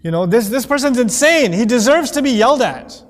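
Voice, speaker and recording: A man teaching a lecture on Quranic Arabic, animated and playful, acting out quoted voices as he explains. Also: very high-pitched, brisk, in a large hall.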